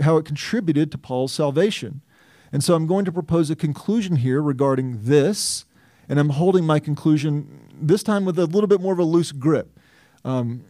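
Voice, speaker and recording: A man's voice: on the high side, warm tone, no echo. Earnest male pastor, dry close sound. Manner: earnest, reasons aloud with restarts and self-questions. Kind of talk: expository sermon.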